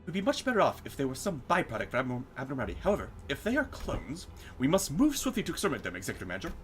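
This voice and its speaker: A man's voice: mid-range voice, wildly swooping pitch, racing, soft background music. A man streaming a story game, reading its text aloud and joking around with casual swearing.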